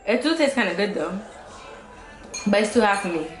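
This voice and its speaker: A woman's voice: mid-range voice, expressive, a little fast, roomy sound, soft background music. A young woman vlogging a food challenge at home, laughing and screaming at the heat. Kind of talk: casual food challenge vlog.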